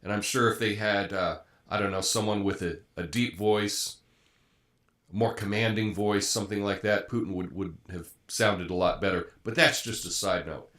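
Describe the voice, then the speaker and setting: A man with a fairly low, slightly bright voice hosts a live commentary show, talking through the news at a normal speed with fairly even intonation. He speaks conversationally, with frequent fillers and restarts.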